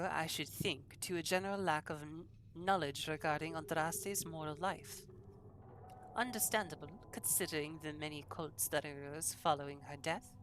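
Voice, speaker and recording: A woman voicing a haughty male scholar in a deliberately bad put-on French accent, reading game text aloud slowly and stiffly. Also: low voice, a bit bright, slight background noise, rough recording.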